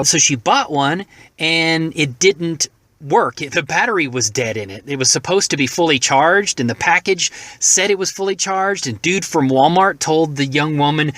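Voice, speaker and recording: A man's voice: on the high side, normal speed, fairly bright tone, no room sound. A middle-aged man from Tennessee with a Southern accent, telling a road-trip story in a loose, profane vlog, laughing at his own jokes. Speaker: vlogger. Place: in and around his truck at night, on the road.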